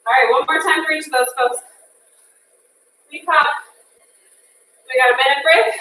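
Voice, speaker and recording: A woman's voice: high voice, fairly even intonation, moderate pace, pushed and bright. Breathless upbeat woman fitness instructor. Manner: upbeat cueing, counting down and cheering on. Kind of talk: interval workout class. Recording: echoey room, mic far off.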